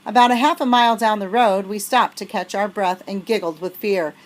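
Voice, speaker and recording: A woman reads a children's novel aloud in an even, mid-pitched voice. She tells the story with lively energy. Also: brisk, rough recording. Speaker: storybook reader.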